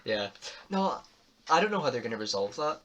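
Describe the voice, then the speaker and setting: A teenage boy co-hosting a casual film review podcast, eager and quick to laugh along. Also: mid-range voice, very animated, fairly bright tone, dull audio. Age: teens. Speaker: podcast co-host.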